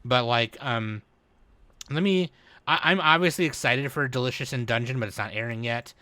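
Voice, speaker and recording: A man's voice: mid-range voice, normal speed, sharp tone, no echo. A man on a podcast chatting casually about anime, rambling and swearing as he goes. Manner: rambling, profane, laughing. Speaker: podcast host. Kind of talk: casual chat.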